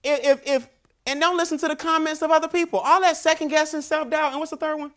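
A man giving a motivational keynote speech, telling stories with animated, emphatic repetition. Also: very high voice, quick pace. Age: adult father. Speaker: keynote speaker.

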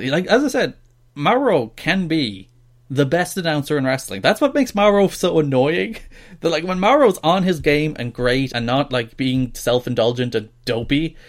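A man co-hosting a podcast in casual chat, talking in an animated, mocking way and often laughing. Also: a little high. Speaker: podcast co-host.

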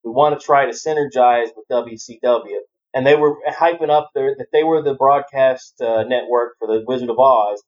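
A man's voice: mid-range voice, steady tone, normal speed, few pauses, darkish tone, muffled recording. A man in casual podcast chat, telling rambling, profane stories about wrestling gimmicks. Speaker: podcast co-host.

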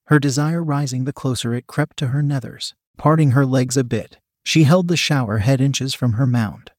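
A man giving a scripted story narration in an even, steady reading voice. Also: medium pitch, dry recording, studio quality.

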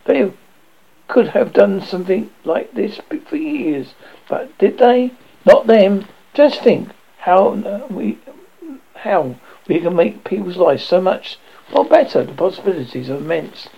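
A man's voice: sits high, big pitch swings, measured pace, vocal fry, husky, voice pushed up, full character voice. A man voicing an indignant male alchemist guild secretary who rants about progress. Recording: dull lo-fi audio.

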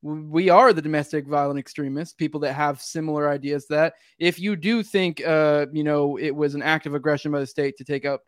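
A man's voice: on the high side, steady tone, fairly quick, hardly any pauses, no echo, studio quality. A man hosting a podcast, talking casually in a rambling, filler-heavy way. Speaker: podcast host.

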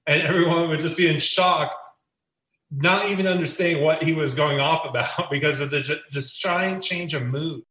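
A man's voice: a little high, normal speed, pushed and bright. A man reminiscing about his college days, reflective and amused. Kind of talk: reflective storytelling. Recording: echoey room.

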